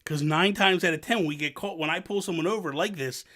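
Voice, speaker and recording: This young vlogger from New Jersey talks quickly in a higher-pitched voice, poking fun at himself in a story told to camera. Animated throughout, he performs the quotes of others in the tale.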